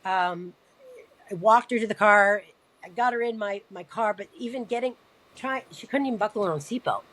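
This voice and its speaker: A woman recounting a personal family story in a podcast interview, halting and repeating words as she talks, earnest and emotional. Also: medium pitch, fairly bright tone, low-quality recording. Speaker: podcast guest.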